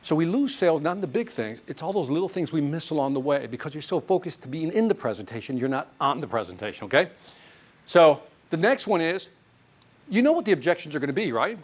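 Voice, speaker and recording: Animated man coaching a sales class. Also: a little high. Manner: animated, quizzes the audience with quick questions. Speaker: sales trainer. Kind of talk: live sales seminar talk. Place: training classroom with a live audience.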